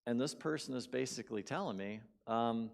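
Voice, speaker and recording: A man preaching a sermon in a chatty storytelling way, his voice in a middle range for a man. He leans hard into repeated words and lets his volume jump up, then sink to near quiet. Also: medium pitch, brisk, gravelly. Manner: animated, swings between loud bursts and quiet drops; conversational, repeats words for emphasis. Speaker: guest speaker. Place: church sanctuary.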